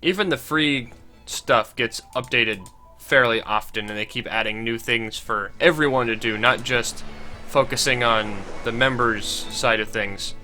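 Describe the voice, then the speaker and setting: Sarcastic stuffed-up man, bright voice. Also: medium pitch. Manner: dry and sarcastic. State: stuffed-up nose from a cold. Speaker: gaming channel host. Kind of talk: casual game commentary.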